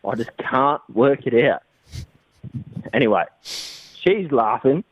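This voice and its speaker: A man's voice: mid-range voice, measured pace, long pauses, no room sound, narrow, tinny audio. An Australian man calling in and rambling through a crude, sweary story on a recorded phone message. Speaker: caller.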